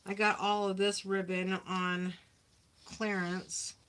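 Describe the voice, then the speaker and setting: Chatty middle-aged woman crafting, slow talk. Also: mid-range voice, flat delivery, fairly bright tone, smooth. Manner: chatty, talks to herself while working. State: overheated, having a hot flash. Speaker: crafting livestream host. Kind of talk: casual crafting livestream chat.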